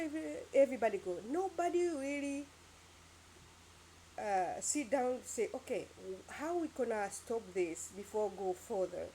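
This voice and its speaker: A woman's voice: a little high, animated, normal speed, mellow, slight background noise. Rambling, emphatic woman vlogger. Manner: emphatic, rambling, with sound-effect words. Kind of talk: casual opinion monologue.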